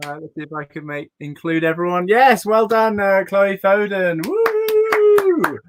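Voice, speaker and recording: A man's voice: high voice, very animated, a little slow, slight background noise. A young man hosting a comedy showcase, rambling through his set with fillers and chuckles. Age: young adult. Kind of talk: stand-up routine. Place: home, online showcase.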